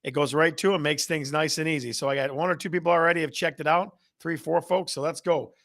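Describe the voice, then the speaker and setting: A Michigan man hosts a live real estate show, his voice fairly high, gravelly, and a bit bright, with a steady tone and quick pace. He's hyped and jokey, rallying the chat in an upbeat way.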